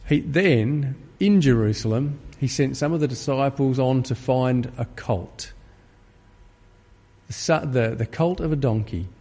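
A pastor preaching a sermon to an empty church, rising to fervent, pleading peaks. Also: male voice, medium pitch, lively intonation, unhurried, warm tone. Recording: long reverb of an empty church.

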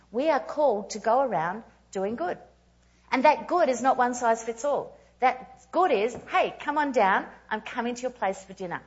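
Female preacher, 30s, higher register, animated, self-mocking storyteller; lo-fi recording. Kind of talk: storytelling sermon.

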